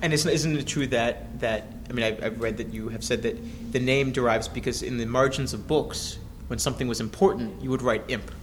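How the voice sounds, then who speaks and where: Male interviewer, average pitch, hesitant questioning, faint background noise. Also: steady tone, a little fast, few pauses. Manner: hesitant, repeating words when asking.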